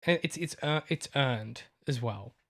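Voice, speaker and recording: A man's voice: mid-range voice, unhurried, a bit bright. Man talking emotionally in restarts. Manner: emotional, rambling with many restarts. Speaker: podcast co-host and novelist. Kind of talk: casual chat.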